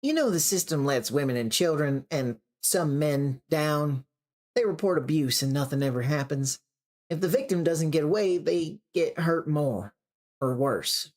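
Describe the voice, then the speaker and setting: A reader voicing a calm, motherly older woman who speaks gently and coaxingly. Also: mid-range voice, a little slow, close to an everyday voice. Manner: gentle, coaxing, calls people darling.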